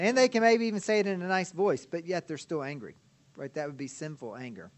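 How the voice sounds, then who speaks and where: A man's voice: a little high, animated, fast talker. A man teaching a lecture on biblical counseling as an experienced counselor, talking conversationally, laughing often and checking in with his listeners. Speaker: counseling instructor.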